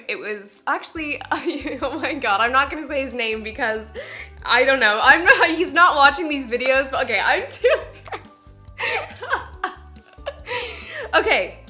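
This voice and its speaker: A woman's voice: sits high, measured pace, faint music behind. A young woman from Canada in her twenties, chatting to camera for her vlog and telling embarrassing stories with lots of giggles. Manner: giggly, animated storytelling. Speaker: beauty vlogger. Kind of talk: casual chat to camera.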